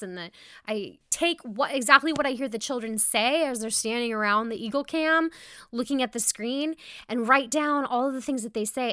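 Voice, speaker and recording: A woman's voice: a little high, pushed and bright, clean tone, no room sound, studio quality. A woman, a preschool teacher hosting a podcast, chatting enthusiastically and restarting her sentences often. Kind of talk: casual solo podcast talk.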